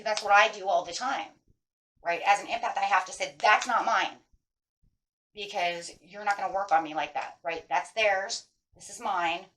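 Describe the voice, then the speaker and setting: A woman's voice: fairly low pitch, a bit bright, low-quality recording. A woman tarot reader giving casual spiritual advice, earnest and emphatic, who keeps checking in with her listeners by asking "right?". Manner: earnest, emphatic, repeats key phrases.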